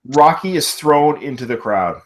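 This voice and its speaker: A man's voice: fairly high pitch, animated, unhurried. A man hosting a live podcast from home, casually recapping film scenes play by play. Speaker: podcast host.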